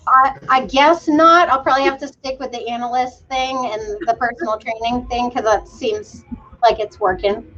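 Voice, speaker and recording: A woman's voice: a little high, fairly even intonation, moderate pace, fairly bright tone. A woman in her thirties from Maine, a fitness coach chatting about herself in a bubbly, self-deprecating way. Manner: bubbly, self-deprecating, puts on silly voices in quotes. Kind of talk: casual interview chat. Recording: dull lo-fi sound.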